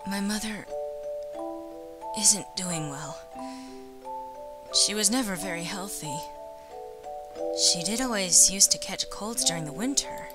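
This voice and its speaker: A woman with a slightly hoarse voice from a cold, voicing a gentle, sad teenage boy dove in a hushed, half-whispered tone while reading a game aloud. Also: medium pitch, slow pace, long pauses, over loud music, close to an everyday voice.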